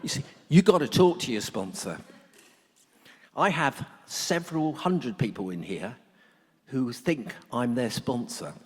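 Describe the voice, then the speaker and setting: With a medium-pitched, darkish voice and a breathy edge, a middle-aged man speaks expressively at a measured pace. His humorous talk to a workshop audience is full of blunt, joking stories, and the conference hall adds long reverb.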